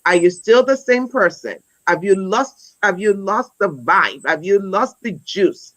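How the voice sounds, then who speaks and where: A woman in her forties, an educator, speaks at medium pitch in an expressive, measured way, captured with poor audio. On a wellness talk she recounts a story conversationally and earnestly, with many restarts and repetitions. She wraps up by urging her listeners on.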